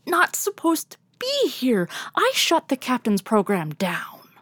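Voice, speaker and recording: A woman's voice: sits high, wildly swooping pitch, unhurried, fairly bright tone, breathy edge, no echo, voice pushed up, heavily acted. A woman voicing a flustered male cat ensign in a storybook, stammering and fussy.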